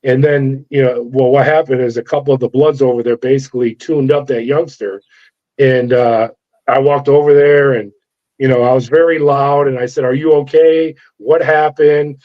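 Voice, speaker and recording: Speaking at a moderate pace and medium pitch, a middle-aged man who once worked as a corrections officer recounts a story in an interview. He brings it to life by acting out each character's dialogue. The recording has a dull, lo-fi quality.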